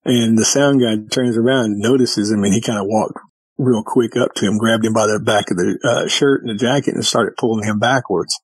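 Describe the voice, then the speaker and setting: A man's voice: fairly low pitch, fairly even intonation, moderate pace, slightly rough, dry recording, poor audio. A man, a guest, casually telling a story in vivid detail and acting out what people said. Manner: vivid retelling with quoted dialogue.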